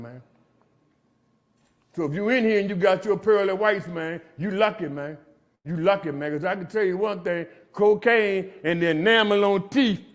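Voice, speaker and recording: A middle-aged man giving a streetwise recovery testimony to inmates, preachy and calling everyone "man" as he talks. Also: a little high. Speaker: recovery speaker. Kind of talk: testimony talk. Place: jail meeting room.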